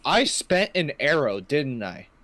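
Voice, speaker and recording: A man playing in a tabletop game, asking rules questions and quick to object. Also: a little high, big pitch swings, a bit bright, dry recording. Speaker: player. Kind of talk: casual tabletop game chat.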